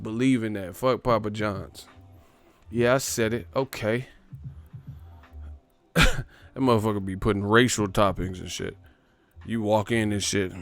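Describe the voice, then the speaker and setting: Profane, animated man ranting on a livestream. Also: medium pitch, dry recording. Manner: profane, animated, laughs often, puts on mocking voices. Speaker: livestream host reading super chats. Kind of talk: casual comedic rant.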